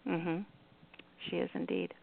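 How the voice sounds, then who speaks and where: A woman's voice: on the low side, sing-song, a little slow, vocal fry. A woman hosting a call-in radio show, chatting casually and laughing easily with callers. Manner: warm, giggly, chatty with callers. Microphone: phone. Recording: tinny phone line.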